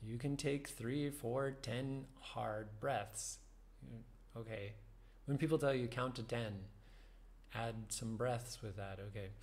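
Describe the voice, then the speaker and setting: A man giving a reflective meditation talk, thoughtful and unhurried, with soft laughs and fillers. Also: mid-range voice. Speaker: meditation teacher.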